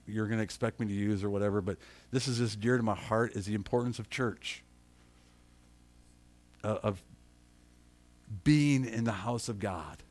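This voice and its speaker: A middle-aged man preaching a sermon, animated, acting out quotes and asking his congregation questions. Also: lowish voice. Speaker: pastor.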